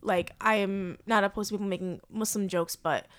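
A young woman, a stand-up comic, telling stories in casual chat, quick and animated. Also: medium pitch. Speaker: stand-up comedian.

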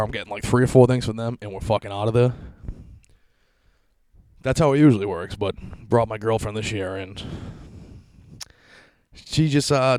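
A man's voice: medium pitch, darkish tone, clear, resonant tone, no room sound. A man in his thirties hosting a solo podcast from his basement, rambling through stories in a profane, self-mocking way. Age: 30s. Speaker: podcast host. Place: basement at home.

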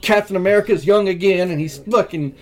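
High-voiced man ranting about a movie. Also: fairly quick, a crowd in the background. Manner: ranting, profane, animated. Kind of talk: casual movie discussion.

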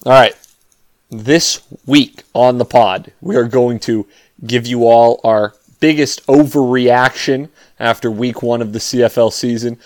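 A man's voice: medium pitch, steady tone, unhurried, darkish tone, no echo. A man hosting a casual sports podcast, opening with wry announcer-style intros and chatting with his co-hosts. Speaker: podcast host.

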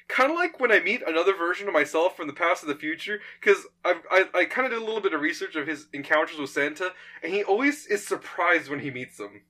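A man in casual chat, rambling and animated, retelling a story with frequent laughs. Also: fairly high pitch, fast talker, hardly any pauses.

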